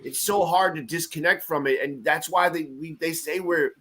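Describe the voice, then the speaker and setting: A man co-hosting a casual fan chat show, telling stories with animated swings and frequent laughs. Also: on the high side, moderate pace. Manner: animated storytelling, laughs often. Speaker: podcast host.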